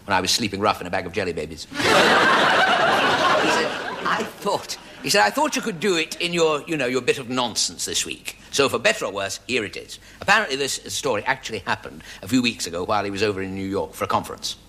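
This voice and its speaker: A man telling a rambling comic story on stage in a dry, deadpan way. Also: on the low side, quick pace, a little hiss or hum. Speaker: comedian. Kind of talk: stage monologue before a live audience.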